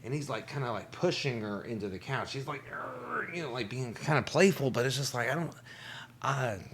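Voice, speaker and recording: A man hosting a comedy show, delivering a casual, profane monologue and jumping into quick quoted voices. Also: medium pitch, husky.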